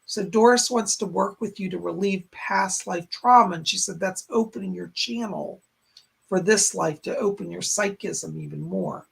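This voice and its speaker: Raspy man, strained hoarse voice, gravelly fry, live-stream psychic host, halting phrasing. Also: high-pitched, a bit bright. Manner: short halting phrases, relaying spirit messages. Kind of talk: live-stream chat and readings. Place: home in a rural area.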